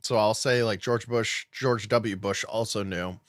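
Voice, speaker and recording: A man's voice: lowish voice, steady tone, a little slow, no room sound. Casual male podcast host, dry mic.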